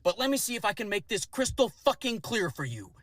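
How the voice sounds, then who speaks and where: A man's voice: high-pitched, big pitch swings, fairly quick, fairly bright tone, dry recording, clean studio sound. A young man ranting angrily in a social media video, swearing and sneering with sarcasm. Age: young adult. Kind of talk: angry video rant.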